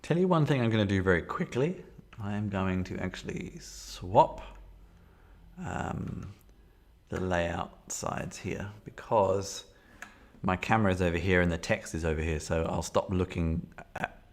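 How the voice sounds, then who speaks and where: A man's voice: deep voice, a little slow. A man reading aloud and casually commenting on a solo tabletop horror game at his desk. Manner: casual, self-correcting asides. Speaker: solo game player and narrator. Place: home desk with camera.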